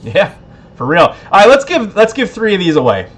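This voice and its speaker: Pria tipsy yang santai memandu siaran langsung. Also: male voice, high-pitched, wildly swooping pitch, moderate pace, breathy edge. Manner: tipsy, laid-back, laughing often. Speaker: livestream host. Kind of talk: casual livestream chat.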